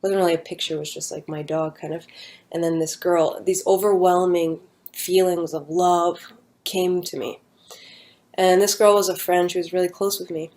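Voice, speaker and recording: A woman's voice: on the low side, steady tone, moderate pace, a little mellow. A young woman talking at home, telling a personal story in a rambling casual way with many fillers and restarts. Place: at home with her dog nearby.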